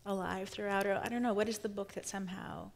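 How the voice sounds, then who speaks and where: A woman's voice: mid-range voice, fairly even intonation, fast, vocal fry. A woman novelist in her thirties speaking onstage in a live conversation, thoughtful and searching, often restarting her sentences. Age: 30s. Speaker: novelist guest.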